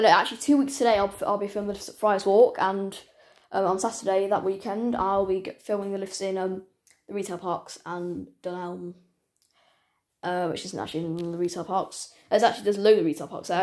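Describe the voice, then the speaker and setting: A woman talks casually to her channel's viewers in a mid-pitched voice. She rambles and halts as she goes, often restarting her sentences. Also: a little mellow. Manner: rambling, halting, many restarts. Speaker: channel owner. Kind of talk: casual vlog chat.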